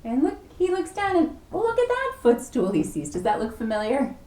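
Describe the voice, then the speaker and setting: A woman librarian reading a picture book aloud at a preschool storytime, animated and playful, asking the children questions. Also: high voice, normal speed. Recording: echoey room.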